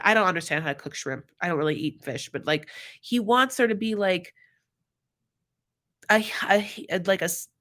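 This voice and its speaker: A woman's voice: fairly low pitch, normal speed, pushed and bright. A woman hosting a reality TV recap live stream in casual commentary, chatty and giggly, leaning on fillers and calling people honey and my love.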